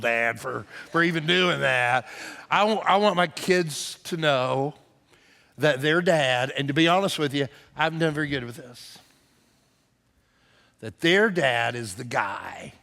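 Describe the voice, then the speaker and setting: A man pastor preaches a sermon, his fairly high voice climbing to near shouts at the big moments of a story. His words ring out with a long reverb from a church auditorium. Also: measured pace, vocal fry. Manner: animated storytelling, rising to near shouts at emphasis.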